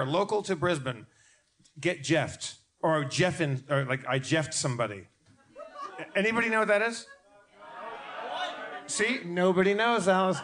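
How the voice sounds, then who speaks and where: A man's voice: high voice, a bit bright. A man telling rambling, profane stories in live comedy podcast banter, often stammering at the start of a line. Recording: live audience audible.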